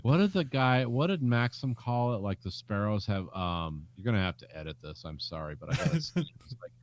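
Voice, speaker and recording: A man's voice: lowish voice, sing-song, brisk. A man co-hosting a movie podcast, chatting casually and throwing in dry, sarcastic asides. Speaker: podcast co-host.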